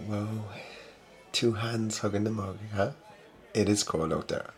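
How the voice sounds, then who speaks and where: A young man in a soft-spoken boyfriend role-play, talking to the listener in a gentle, teasing, affectionate way that sometimes sinks into breathy murmurs. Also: fairly low pitch, a little slow.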